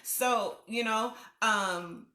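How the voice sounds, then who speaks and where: An animated woman hosts a youth mentoring livestream in casual style from an echoey home room. Her voice is fairly high and she speaks extremely slowly, telling stories, voicing the people she quotes, and laughing.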